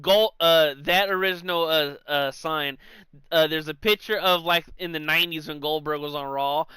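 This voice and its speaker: A man's voice: a little high, fairly even intonation, normal speed, pushed and bright, clean tone, no echo. A young man co-hosting a podcast, chatting loosely about sports and swearing freely. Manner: loose, profane, acts out quotes with laughs. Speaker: podcast co-host. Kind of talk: casual sports chat.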